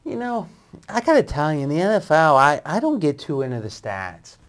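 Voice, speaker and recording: A man's voice: a little high, huge pitch swings, fairly quick. A man hosting a sports betting show, pushing back on his guest and arguing his point.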